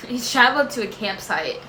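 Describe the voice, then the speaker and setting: A woman's voice: on the high side, lively intonation, moderate pace, pushed and bright. A woman vlogger answering viewer questions in casual chat, rambling, often trailing off with fillers and "I don't know". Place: home room. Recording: echoey room with faint noise.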